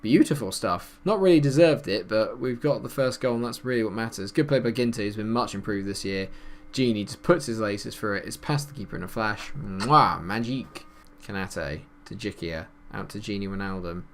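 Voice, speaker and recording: A man giving casual, chatty commentary over a football management game, calling plays and getting excited at goals. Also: lowish voice, brisk. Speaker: gaming YouTuber.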